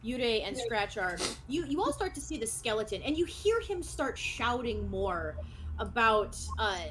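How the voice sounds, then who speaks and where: A woman's voice: a little high, very animated, moderate pace, fairly bright tone, low-quality recording. A woman as dungeon master, describing scenes in an easygoing way. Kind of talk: narrating a tabletop game.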